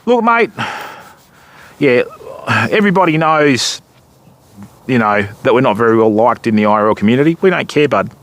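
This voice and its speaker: A man's voice: medium pitch, expressive, normal speed, pauses often, fairly bright tone. Australian man, middle-aged, fishing livestream host, casual and chatty, keeps saying mate and bud, outdoors on a river. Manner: chatty, greets viewers, fills with mate and bud.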